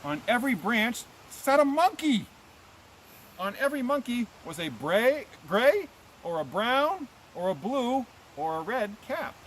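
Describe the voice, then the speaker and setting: A man's voice: very high-pitched, unhurried, slight background noise, low-quality recording. A man, a teacher, reading a picture book aloud to children outdoors and asking them questions as he goes. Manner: animated, asks children questions.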